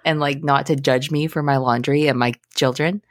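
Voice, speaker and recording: A young woman co-hosting a podcast, chatting casually and telling animated stories about her day. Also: a bass voice, moderate pace, no echo, clean studio sound. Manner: chatty, animated storytelling with frequent laughs. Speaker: podcast co-host. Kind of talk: casual chat.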